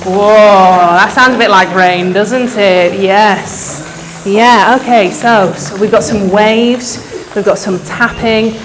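A woman's voice: medium pitch, slow pace, background noise. A woman leading an interactive children's talk at church, coaxing the audience to join in, speaking into a microphone to a live crowd. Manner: lively, coaxing, audience participation.

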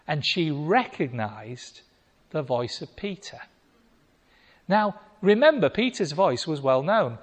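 A man preaching a sermon, telling a Bible story with lively acted-out voices. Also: on the high side, slightly rough. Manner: animated storytelling, acting out voices. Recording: long reverb of a hall.

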